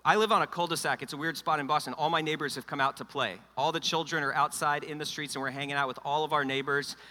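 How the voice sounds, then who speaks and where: Middle-aged male pastor, higher, crisp voice, preaching in a reverberant church hall. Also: quick pace. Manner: energetic, joking, then quiet and personal. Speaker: lead pastor. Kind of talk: sermon.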